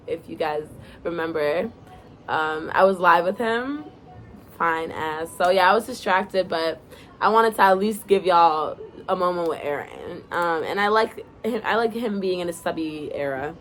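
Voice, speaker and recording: A woman's voice: fairly low pitch, moderate pace, fairly bright tone, a little hiss or hum, rough recording. A young woman casually reading her own story aloud to viewers, breaking off into giggly, chatty asides.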